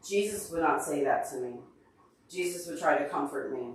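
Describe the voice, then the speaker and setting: This livestream host has a fairly high-pitched voice and talks at a moderate pace. Emotional and openly crying, he earnestly responds to people in chat by name, recorded far from the mic in a very echoey room.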